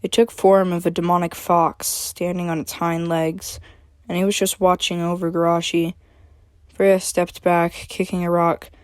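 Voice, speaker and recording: A woman's voice: fairly low pitch, little pitch movement, measured pace, a little mellow, no echo, clean studio sound. Woman reading her own story aloud. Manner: chatty intro with fillers, then plain reading.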